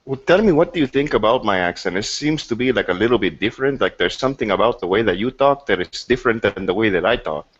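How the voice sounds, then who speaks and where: Lowish male voice, mocking banter, muffled call audio. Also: expressive, fast, hardly any pauses, slightly rough. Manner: teasing, mocking. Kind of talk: casual group call banter. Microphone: computer mic on video call.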